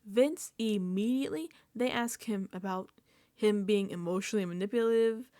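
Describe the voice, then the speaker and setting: A woman hosting a casual reality TV recap vlog, animated and emphatic, dropping into whispered asides and swearing casually. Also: medium pitch, moderate pace, dry recording, clean studio sound.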